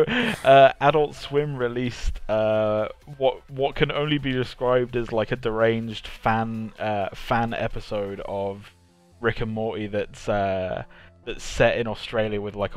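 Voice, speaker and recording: A man's voice: on the low side, clean tone. A man chatting casually while working on a 3D model, laughing often and swearing lightly. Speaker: 3D artist streaming his modelling.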